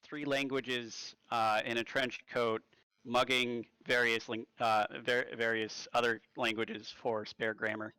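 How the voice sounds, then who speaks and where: A man playing a tabletop game rambles, jokes and drifts into nerdy tangents during casual chat around the table. His mid-range voice is level in tone, a little slow, pushed and bright yet smooth. The recording is dry and low in quality.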